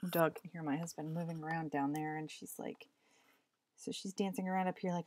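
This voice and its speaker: A woman artist at home talking to her stream as she draws, muttering and swearing in frustration at her software. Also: deep voice, fairly even intonation, brisk, no room sound. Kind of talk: casual live-stream commentary. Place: home workspace.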